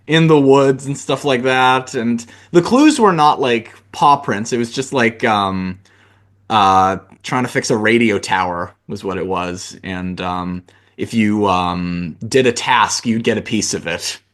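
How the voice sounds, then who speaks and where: A man hosting a podcast interview, speaking casually and haltingly with many fillers and restarts. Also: fairly low pitch, a bit bright. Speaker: podcast host.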